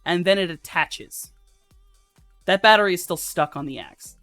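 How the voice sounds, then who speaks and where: A woman running a tabletop game as game master, narrating the action in a loose, profane way with many pauses. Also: lowish voice, lively intonation, fairly bright tone, soft background music. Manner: loose and profane, halting with fillers.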